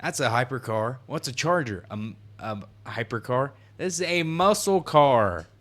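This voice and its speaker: A man's voice: mid-range voice, animated, normal speed, fairly bright tone. A nineteen-year-old man chatting casually on a podcast, laughing, swearing and acting out what people said. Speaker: podcast co-host. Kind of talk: casual chat.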